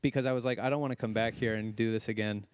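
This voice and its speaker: A young man co-hosting a podcast, telling an animated story and acting out quotes in a casual rant. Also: on the low side, rapid-fire, smooth. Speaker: podcast co-host. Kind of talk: casual ranting chat.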